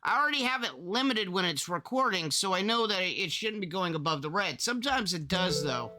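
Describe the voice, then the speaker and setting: Bright, high-pitched man explaining audio levels. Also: animated, fairly quick, soft background music. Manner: rambling, restarts often, demonstrates his loudness levels. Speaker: content creator explaining audio setup. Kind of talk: casual screen-recorded tutorial.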